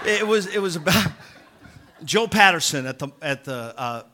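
A man's voice: fairly high pitch, normal speed, slight background noise. A man, a pastor, telling a funny anecdote during a sermon and laughing at himself as he goes. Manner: animated, self-mocking storyteller who laughs at himself.

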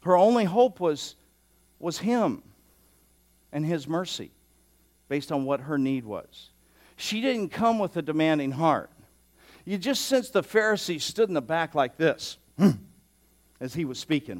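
A man's voice: a little high, very animated, unhurried, pauses often. A man preaching an expository sermon as a pastor, conversational and given to joking asides.

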